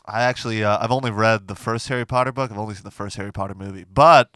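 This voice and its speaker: A man co-hosting a comedy podcast in casual chat, teasing with deadpan jokes. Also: on the low side, rapid-fire, clean tone, dry recording, clean studio sound.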